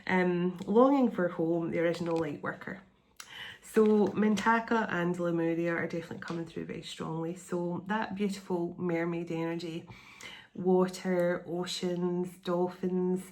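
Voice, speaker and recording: Lowish-voiced woman giving a card reading. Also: a little mellow. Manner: meandering, repeats phrases, earnest and reassuring. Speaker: tarot and oracle card reader. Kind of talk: channeled spiritual card reading.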